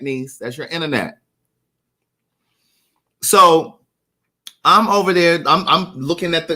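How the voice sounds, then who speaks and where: A man's voice: on the high side, sharp tone. A man hosting a livestream, telling a story casually and animatedly while addressing viewers by name. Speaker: livestream host.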